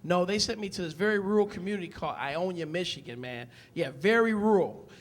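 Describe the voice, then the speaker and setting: A man from Detroit doing a stand-up comedy set on a club stage, with a loud, punchy delivery that acts out characters. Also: high-pitched, expressive, fast talker, a little hiss or hum.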